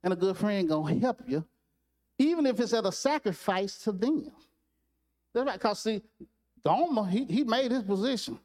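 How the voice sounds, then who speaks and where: A man preaching a sermon, telling a story in a lively, repetitive way and acting out its characters. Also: high-pitched, normal speed, pauses often. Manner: repetitive, animated storytelling with restarts.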